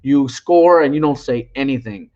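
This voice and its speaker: A man's voice: mid-range voice, normal speed, dark tone. A man in his forties rambling through a retelling of an online argument, trash-talking and mocking as he goes. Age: 40s. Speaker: channel host. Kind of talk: casual storytelling monologue. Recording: dull lo-fi audio.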